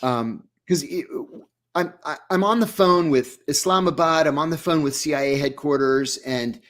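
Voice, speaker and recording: A man's voice: on the high side, moderate pace, a bit bright. Man telling a tense first-person story. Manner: vivid first-person storytelling, acting out dialogue. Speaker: guest. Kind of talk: storytelling in an interview.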